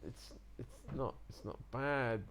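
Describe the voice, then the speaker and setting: A man's voice: medium pitch, slow, background noise. A man co-hosting a casual livestream, teasing his partner and laughing along. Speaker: co-host riffing on a film.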